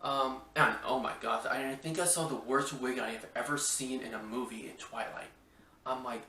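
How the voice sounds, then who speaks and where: A man's voice: medium pitch, fairly even intonation, moderate pace, pushed and bright. A man from Washington State hosting a podcast, chatting casually about movies in a rambling, exclamatory way that stumbles over restarts. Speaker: podcast host. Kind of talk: casual movie review chat. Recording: roomy echo, mic at a distance.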